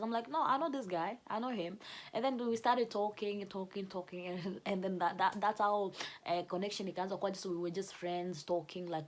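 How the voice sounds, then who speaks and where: A young woman telling a personal story to camera in a casual, animated way, often laughing. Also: fairly low pitch, slight background noise. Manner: animated, laughing, switches between English and Swahili. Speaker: vlogger telling her love story.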